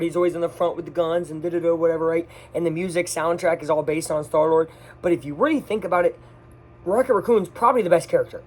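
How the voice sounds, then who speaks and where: A person giving a casual, off-the-cuff movie review, gushing and excitable, talking in quick bursts. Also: mid-range voice, slightly rough.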